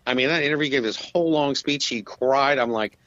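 A man's voice: mid-range voice, fairly quick, a bit bright, muffled recording. A man who is a guest on a sports podcast, chatting in an easygoing, agreeable way with many fillers. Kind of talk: casual sports podcast chat.

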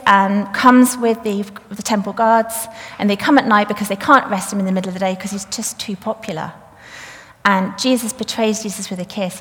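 A woman preaching a sermon, retelling the story in a chatty way and reading scripture aloud. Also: mid-range voice. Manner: conversational, retells the story plainly with fillers. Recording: long reverb of a church hall.

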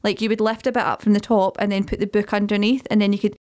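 A Scottish woman in her thirties, co-hosting a podcast, telling animated stories in casual chat. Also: medium pitch, quick pace. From Scotland. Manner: chatty, animated storytelling. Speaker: podcast co-host.

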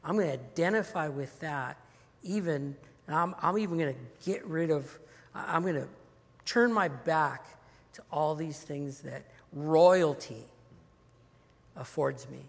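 A preacher voicing Moses, slow and solemn. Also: male voice, fairly high pitch, vocal fry, in a large hall. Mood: resolute. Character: Moses, young man renouncing royal privilege.

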